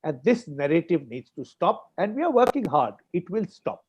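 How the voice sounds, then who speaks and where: A man's voice: on the high side, sing-song, normal speed, a little mellow, husky. A man with an Indian English accent, arguing emphatically as a farmers' spokesperson on a panel discussion, repeating key points for stress.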